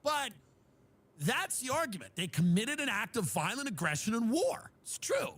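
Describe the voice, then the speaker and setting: A man's voice: sits high, big pitch swings, fairly quick, a bit bright, husky. A man delivering an exasperated, sarcastic comedic rant, acting out others' voices in mocking asides.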